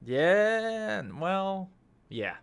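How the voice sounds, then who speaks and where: A man's voice: high voice, very animated, drawn-out words, creaky, clean tone. A man co-hosting a podcast, chatting casually about a movie and mimicking people in exaggerated voices. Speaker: podcast co-host. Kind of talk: casual movie review chat.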